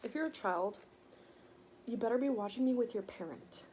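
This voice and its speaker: A woman's voice: a little high, lively intonation, moderate pace, warm tone, slight background noise. A woman with an American country accent, chatting crudely and joking while eating on camera in a casual vlog. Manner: crude, joking, laughs a lot. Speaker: mukbang vlogger.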